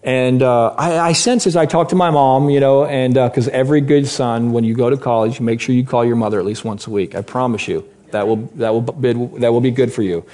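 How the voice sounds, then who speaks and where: A man in his late thirties, an animated preacher telling a personal story to a congregation and swinging from loud to hushed. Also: mid-range voice, brisk, few pauses.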